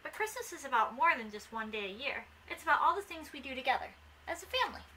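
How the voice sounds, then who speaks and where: A woman voicing Lady, gentle spaniel mother. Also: high voice, big pitch swings, fast talker, recorded from a distance, a little hiss or hum, full character voice, rough recording. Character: elegant gentle female spaniel, loving mother.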